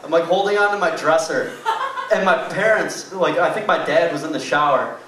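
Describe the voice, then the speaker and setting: With a fairly high pitch, a sharp tone, and a fairly quick pace, a young man delivers a stand-up set in a small club. He rambles loosely and leans on fillers. Captured by a distant mic in an echoey room, with faint noise.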